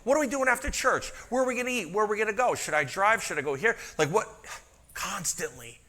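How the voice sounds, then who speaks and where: Lively, bright-voiced preaching man. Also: high-pitched, fast talker. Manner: animated, conversational preaching with asides and rhetorical questions. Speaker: pastor. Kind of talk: sermon. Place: church sanctuary.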